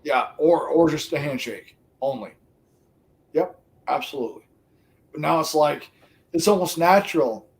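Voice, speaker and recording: A middle-aged, retired man chatting on a livestream, animated, profane and laughing often. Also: on the high side, measured pace, vocal fry, pauses often. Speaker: livestream co-host. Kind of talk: casual stream chat.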